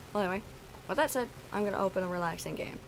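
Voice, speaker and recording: A woman's voice: mid-range voice, gravelly, a little hiss or hum, low-quality recording. A woman streamer talking to her chat, venting bluntly and swearing freely. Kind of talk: casual talk to stream chat.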